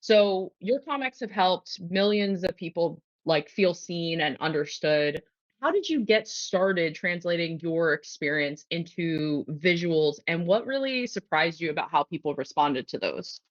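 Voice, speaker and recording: Woman host on a video call, lower-pitched, orderly and agenda-focused, dull lo-fi sound. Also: animated, unhurried, dry recording. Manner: organized, lays out an agenda. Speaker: host and meetup facilitator. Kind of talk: hosted interview over video call. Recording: dry, dull lo-fi call audio.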